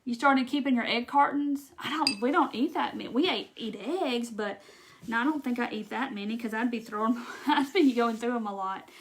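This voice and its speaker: A woman's voice: on the high side, moderate pace, noisy background. A woman from Mississippi with a Southern accent, chatting casually through a live craft demo and answering viewer comments. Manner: chatty, reads viewer comments aloud, says y'all. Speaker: craft livestream host.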